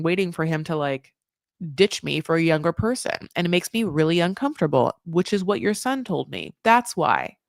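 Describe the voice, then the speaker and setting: A woman hosting a casual recap podcast, animated and sarcastic, swinging between loud outbursts and muttered asides. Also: deep voice, dry recording, clean studio sound. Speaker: podcast host.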